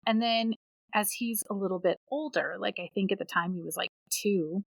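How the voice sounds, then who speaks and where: A woman co-hosting a podcast, telling her own stories in a relaxed, conversational way. She gets animated and acts out the people she quotes. The sound is close and dry. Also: medium pitch, normal speed, gravelly, no room sound, rough recording. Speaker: podcast co-host. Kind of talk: casual storytelling chat.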